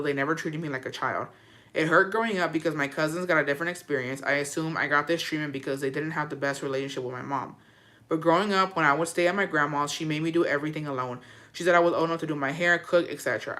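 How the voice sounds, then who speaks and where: A woman's voice: sits low, a bit bright. A woman hosting a casual advice podcast, reading listener letters aloud and answering with frank, slangy talk and free swearing. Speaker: podcast host giving advice.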